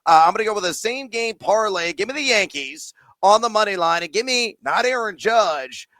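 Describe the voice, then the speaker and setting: A man hosting a sports betting podcast, talking up picks with slangy hype and shouted sign-offs. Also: sits high, lively intonation, moderate pace, no room sound. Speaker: podcast host.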